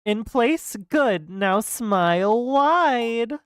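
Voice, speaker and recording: A woman voicing a cold, expressionless masked male game master who talks in a mocking, smug, drawn-out way while she reads game dialogue. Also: on the high side, lively intonation, slight background noise. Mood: taunting. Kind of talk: reading game dialogue aloud.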